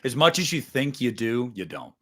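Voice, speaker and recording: A man hosting a loose chat about horror movies. He talks with lots of swings in energy and swears freely. His voice sits at an ordinary pitch. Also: moderate pace. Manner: animated, swears freely, acts out scenes in exaggerated voices. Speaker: podcast host. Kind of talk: casual movie discussion.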